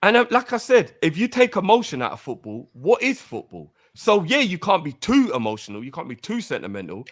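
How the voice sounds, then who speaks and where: A man's voice: a little high, wildly swooping pitch, fairly quick, hardly any pauses. A man, passionately defending his view in a casual fan call-in debate. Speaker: regular on a fan call-in show.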